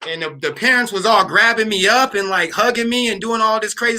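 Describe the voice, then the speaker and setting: Man, late 30s, livestream host; high, sharp voice, relaxed slangy storytelling. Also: fairly quick. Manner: loose, storytelling, lots of fillers and slang. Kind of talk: casual livestream chat with viewers.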